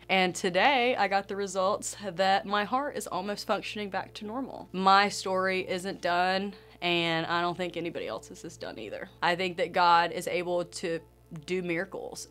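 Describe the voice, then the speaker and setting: A woman sharing a personal faith testimony in an earnest, emotional way, with soft laughs between phrases. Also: on the low side.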